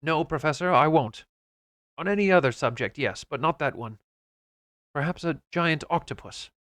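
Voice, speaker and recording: A man reading an audiobook voices a blunt, skeptical harpooner who talks emphatically and a little louder. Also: on the high side, lively intonation, moderate pace, dry recording. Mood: stubborn.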